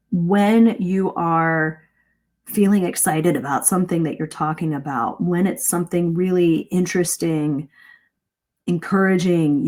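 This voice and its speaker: Lively and demonstrative, a middle-aged woman coaches English speaking over a live stream, changing her pace and emphasis to show how it's done. Her voice is lowish.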